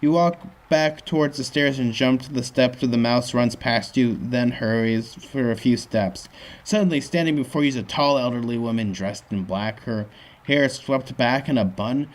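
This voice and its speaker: A man's voice: medium pitch, normal speed. A man reading a choose-your-own-adventure book aloud as host, breaking off for joking asides. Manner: jokey asides, lively reading.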